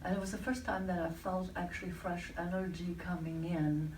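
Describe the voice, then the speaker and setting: Low-voiced woman telling a personal story. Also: steady tone, normal speed, darkish tone, roomy sound, recorded from a distance, a little hiss or hum, rough recording. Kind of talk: personal story told to an audience.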